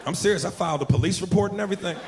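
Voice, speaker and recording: A man's voice: high voice, very fast, a little mellow, a little hiss or hum. A man doing a brash, profane stand-up set on a comedy stage before a live audience. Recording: live club mic, crowd laughter.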